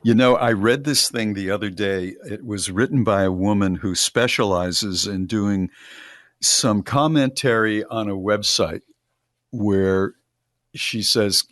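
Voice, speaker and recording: A man co-hosting a podcast, giving measured, reassuring advice in casual chat. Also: on the low side, fairly bright tone, no echo, clean studio sound. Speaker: podcast co-host.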